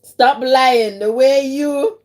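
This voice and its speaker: A woman's voice: high voice, slow, darkish tone. A Jamaican-British woman hosting a casual live stream, teasing her chat and laughing often while she eats. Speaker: livestream host.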